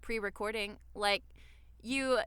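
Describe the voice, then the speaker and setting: Upbeat young woman with a crisp voice. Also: mid-range voice, steady tone, fairly bright tone, no echo. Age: young adult. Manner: upbeat and chatty, quick to react. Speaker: podcast co-host. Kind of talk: casual chat.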